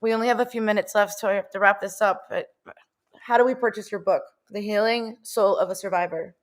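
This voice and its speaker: A woman's voice: mid-range voice, steady tone, a little fast. A woman hosting an interview show, talking in a casual, chatty and affirming way. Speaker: show host. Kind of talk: conversational interview.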